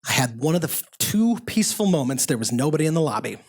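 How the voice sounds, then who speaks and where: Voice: mid-range voice, very animated, quick pace. A storyteller performing a story live in a pub, chatty and self-mocking, with frequent asides to the audience.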